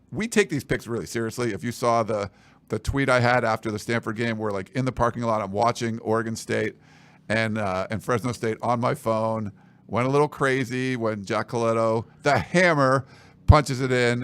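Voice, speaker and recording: Teasing his co-host, a man on a sports podcast rambles and jokes his way through sponsor reads and plugs in casual chat. He has a smooth, mid-range voice, recorded without echo.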